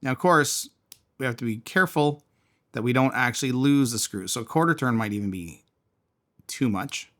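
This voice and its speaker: A man's voice: medium pitch, normal speed, a bit bright. A man casually reviewing and taking apart a small fidget toy, thinking aloud as he tinkers. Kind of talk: casual product teardown.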